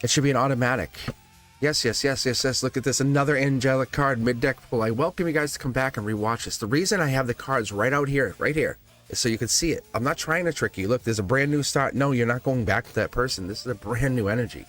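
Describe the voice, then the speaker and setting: A man giving a live-stream tarot reading, teasing and animated, laughing often and acting out quotes. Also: mid-range voice, fast talker, soft background music. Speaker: tarot reader.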